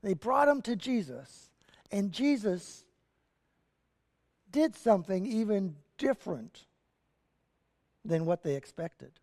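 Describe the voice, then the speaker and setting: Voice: mid-range voice, big pitch swings, slow, pauses often, darkish tone, big-room sound. A pastor giving a sermon and telling a story with animation and casual asides. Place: church sanctuary.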